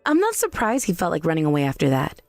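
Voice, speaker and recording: A woman voicing a calm, pointed young daughter-in-law in a text-message story drama. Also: low-pitched, quick pace, no room sound, faint music behind, full character voice. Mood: cool. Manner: calm, cutting.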